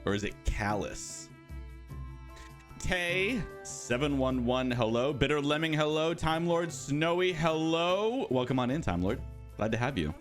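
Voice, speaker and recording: A man in his thirties hosts a casual livestream for a game studio, greeting viewers by name and drifting into playful, chatty asides. His voice is fairly high and animated, his pace measured, with soft music in the background.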